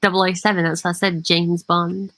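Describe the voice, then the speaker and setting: Woman, stream host, lowish voice, chatty, dry sound. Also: flat delivery, brisk, a bit bright, no echo, rough recording. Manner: greets viewers, chatty. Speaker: livestream host. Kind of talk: casual stream chat.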